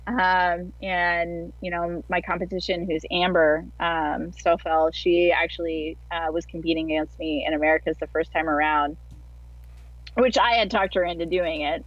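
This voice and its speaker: A woman's voice: fairly low pitch, fairly even intonation, normal speed, dry recording. A woman guest telling her story in a casual interview over a video call, chatty and full of filler words. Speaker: guest athlete. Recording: dull lo-fi online call audio.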